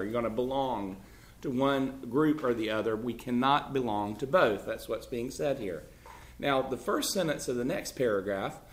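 A man leading a casual Bible class, talking emphatically with many restarts and "you know" fillers. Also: medium pitch. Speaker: Bible study teacher. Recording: echoey room.

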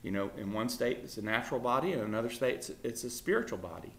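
A man leads an informal Bible class, speaking in a relaxed, conversational way with plenty of fillers. He keeps asking his students questions. His voice sits in a middle range and is recorded with a roomy echo. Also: medium pitch, quick pace. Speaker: Bible study teacher.

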